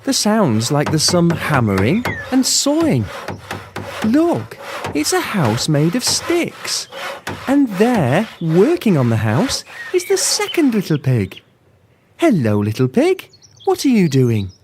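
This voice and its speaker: Slow, lively woman telling a children's story. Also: on the low side, background noise. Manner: gentle, expressive, talks to the listeners.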